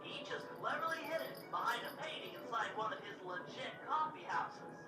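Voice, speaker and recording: An actress playing a confident female heist planner in a video game, briskly explaining and teasing. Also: fairly high pitch, expressive, far from the mic, natural voice. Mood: briefing. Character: sharp female thief-gang planner, confident. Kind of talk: video game cutscene acting. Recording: game audio played from speakers in an echoey room, loud music.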